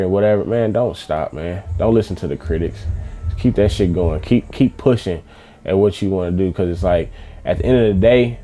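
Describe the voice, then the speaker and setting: A man speaks in a low, mellow voice. He talks loosely and emphatically as an interview guest, full of slang and restarts. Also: brisk. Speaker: interview guest, music manager. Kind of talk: casual interview talk.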